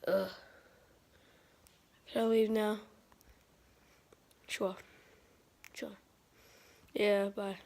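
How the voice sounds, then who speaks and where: A sarcastic dinosaur puppet, put on by a young man mutters in a low, hushed voice. Every line comes out flat and unimpressed. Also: extremely slow, gravelly, pauses often, heavily acted. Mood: sarcastic bored. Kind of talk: puppet voice in a home video.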